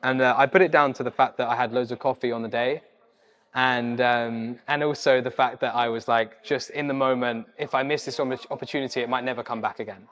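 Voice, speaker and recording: A young man, a social media creator and podcast guest, telling a story in a casual, animated way, jumping up in pitch when he acts out what people said. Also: brisk. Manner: animated, acts out quoted voices with sudden pitch jumps.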